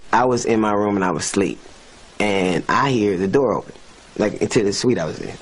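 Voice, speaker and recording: Man telling a relaxed anecdote. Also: lowish voice, moderate pace. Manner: relaxed storyteller, quotes dialogue. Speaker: interviewee. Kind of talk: anecdote in interview.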